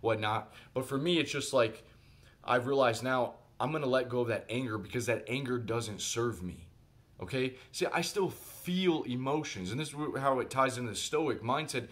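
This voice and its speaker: A man telling a personal story in a casual vlog monologue, animated and conversational, speaking directly to his viewers. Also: medium pitch, normal speed. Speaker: vlogger.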